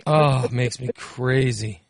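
A man hosting a podcast, chatting casually and ranting with animated, profane energy. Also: medium pitch, husky, no echo, clean studio sound. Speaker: podcast host.

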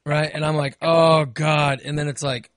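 A man hosting a podcast, exhausted and telling a casual story in an animated way, swearing and acting out what he said. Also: on the high side, moderate pace, no echo. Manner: animated, swears, acts out his own quotes. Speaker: podcast host.

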